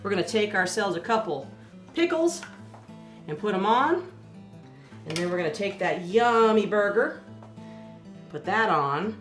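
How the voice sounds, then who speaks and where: A woman's voice: fairly low pitch, roomy sound. A woman hosting a home cooking show, talking through a recipe in a folksy, chatty way and laughing often. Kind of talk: casual cooking demonstration.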